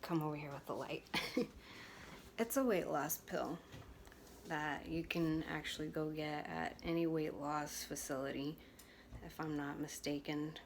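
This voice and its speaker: A woman's voice: low voice, level tone, normal speed, a little hiss or hum. A woman in her twenties telling a personal story to camera in a frank, chatty way, with many fillers and restarts. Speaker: vlogger.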